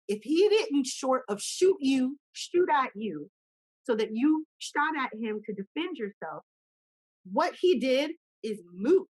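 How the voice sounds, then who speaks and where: Passionate woman with a husky voice. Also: sits high, sing-song, slow pace, poor audio. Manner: passionate, acts out scenes in voices. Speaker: guest. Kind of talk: conversation.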